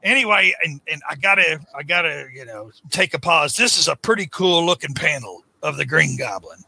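A man hosting a casual comic book talk, sarcastic and mocking, often breaking into loud shouted impressions of characters. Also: fairly high pitch, expressive, a little fast, vocal fry. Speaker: comic book podcast host. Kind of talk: casual comic review chat.

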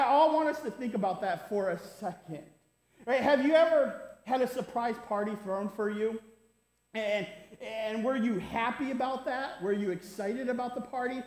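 A man delivers a sermon as if telling a funny story to friends, with a high voice. He keeps checking in with the congregation and leans on quick tags. The sound rings around a large, echoey church hall. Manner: conversational, keeps asking "right?". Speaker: pastor. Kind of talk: sermon with a humorous personal story. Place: church sanctuary.

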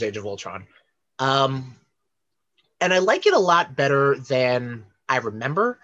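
Guy on a podcast rambling about movies, bright punchy voice, lots of ums. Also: mid-range voice, unhurried, muffled recording. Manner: rambling, many fillers, animated. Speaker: podcast co-host. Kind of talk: casual chat about films and comics.

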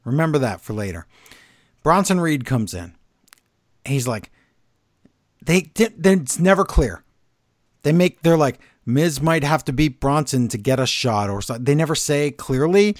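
A man's voice: medium pitch, animated, no echo, studio quality. A man co-hosting a wrestling podcast, recapping the show casually and briefly mimicking what people said. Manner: quick recapping, acting out quotes in passing. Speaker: podcast co-host.

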